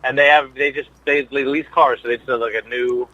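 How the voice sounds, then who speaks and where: Comedian guest, male, halting rambly storyteller, mid-pitched, dull lo-fi audio. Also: steady tone, sharp tone, slight background noise. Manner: rambling, halting, many restarts. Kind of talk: casual chat. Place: New York based.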